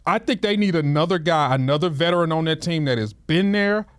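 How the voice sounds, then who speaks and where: A man's voice: on the high side, animated, clear, resonant tone, no echo. A man talking basketball in casual podcast chat, often repeating words as he gets a thought going. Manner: halting, repeats words when starting a thought. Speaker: podcast co-host.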